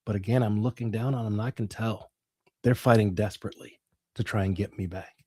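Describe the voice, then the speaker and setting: A man's voice: on the low side, steady tone, fast talker, a little mellow, breathy edge, no echo. Man telling a dramatic story, dead-dry sound. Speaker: guest. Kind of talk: storytelling in an interview.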